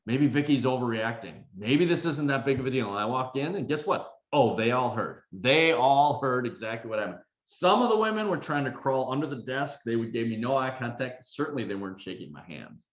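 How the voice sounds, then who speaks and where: A middle-aged man, a confidence coach, telling a self-deprecating story in an animated way with many fillers. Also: mid-range voice, brisk, hardly any pauses. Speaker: confidence coach and keynote speaker. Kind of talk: storytelling talk. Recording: roomy, dull recording.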